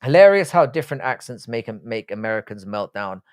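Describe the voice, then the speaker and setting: A man's voice: mid-range voice, very animated, a little fast, clean tone. A British man hosting a live stream, chatting casually and reading out viewer comments. He rambles and swears freely, often restarting his sentences. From Britain. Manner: rambling, frank and profane, many restarts.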